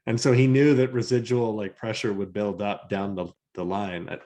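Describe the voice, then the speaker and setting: A man's voice: fairly low pitch, little pitch movement, normal speed, warm tone. Jokey man chatting on a podcast. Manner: jokey, laughs through remarks. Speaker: podcast co-host. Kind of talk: casual chat.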